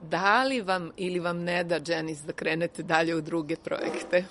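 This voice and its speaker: A woman's voice: on the low side, steady tone, moderate pace, background noise. A woman radio interviewer asking polite, direct questions.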